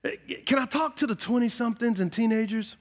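A high-pitched middle-aged man delivers a sermon in a large church sanctuary. He talks right to the people in front of him and swells to loud, shouted emphasis. His voice carries a long reverb from the hall. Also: fairly quick. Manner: preachy, builds to shouting, call-and-response asides. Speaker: pastor.

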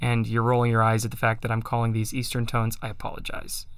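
A man's voice: mid-range voice, monotone, fast talker, fairly bright tone, clean tone, no echo, clean studio sound. A man hosting a livestream, chatting casually and self-deprecatingly about chant and singing psalm tones to show them. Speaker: livestream host. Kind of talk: casual chat with sung chant demos.

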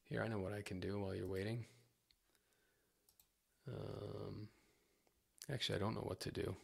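A man's voice: lowish voice, flat delivery, normal speed, gravelly, husky. A man teaching guitar on a casual livestream, chatty, rambling and self-deprecating.

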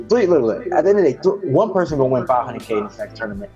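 Man, streamer guest, rapid profane storytelling, slightly high voice, music behind. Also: big pitch swings, dull audio. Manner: fast, profane storytelling, acts out quotes. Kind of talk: casual heated chat.

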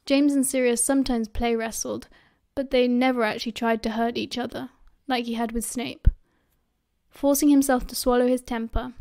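A woman with a British accent reading a fan audiobook in steady storytelling narration. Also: on the high side.

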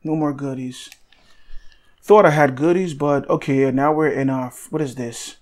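A man's voice: medium pitch, normal speed. Rambling man narrating his gameplay. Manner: rambling, joking, excitable outbursts. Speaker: gaming channel host. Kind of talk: casual gameplay commentary. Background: game music.

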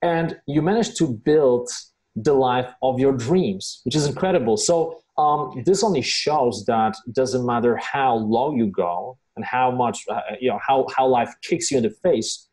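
A man's voice: mid-range voice, unhurried, a little mellow. A man hosting an interview, reflecting on his guest's story in an encouraging way, with some "um" fillers. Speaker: interview host. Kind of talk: interview conversation.

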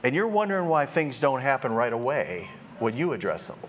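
Animated joking male preacher. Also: medium pitch, fairly quick, soft background music. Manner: animated, joking, acts out quoted voices. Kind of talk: sermon.

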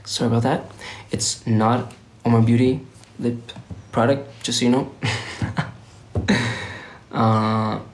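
A man's voice: medium pitch, flat delivery, slow pace, pauses often. Tired, playful young man. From Sweden. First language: Swedish. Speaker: livestream host. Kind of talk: casual livestream chat reading viewer comments. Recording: roomy echo.

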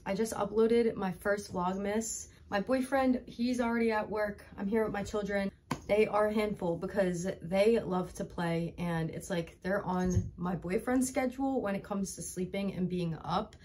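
A woman's voice: mid-range voice, fairly even intonation, normal speed, darkish tone, a little hiss or hum. A young woman vlogging casually at home, chatty and upbeat, talking straight to her viewers. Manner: chatty, talks baby talk to her pets. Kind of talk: casual vlog chat.

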